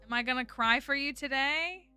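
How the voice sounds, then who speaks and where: A woman's voice: sits high, normal speed, pushed and bright, no room sound, faint music behind. A woman streaming a game, talking casually and rambling with lots of fillers. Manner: chatty, rambling, many fillers like "like" and "um". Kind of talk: casual gameplay chat.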